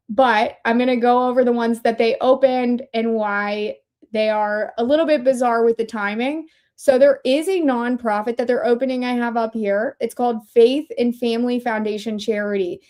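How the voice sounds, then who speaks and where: A woman hosts a casual livestream in a chatty, wandering manner and breaks off her own sentences to start again. Her voice sits a little higher than most women's. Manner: chatty, rambling, self-interrupting. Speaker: livestream host.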